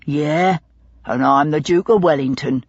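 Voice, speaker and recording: Casting: woman doing a hulking rough man, husky and low, muffled audiobook sound. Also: a little slow, dry recording. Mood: savage. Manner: rough, belligerent, coarse slang. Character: burly gruff male London lodging-house man.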